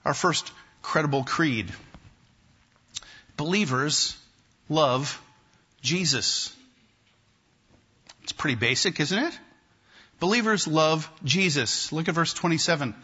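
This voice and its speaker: Male pastor preaching, kinda husky, a bit high-pitched, repeats himself for punch, muffled church recording. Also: animated, pushed and bright. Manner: emphatic, repeats phrases with slow deliberate pauses. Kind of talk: sermon. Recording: dull lo-fi sermon recording.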